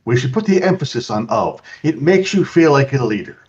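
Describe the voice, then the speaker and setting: A man voicing an overeager, flattering male adventurer who sounds deliberately dim. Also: medium pitch, natural voice. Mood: fawning. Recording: dull lo-fi sound.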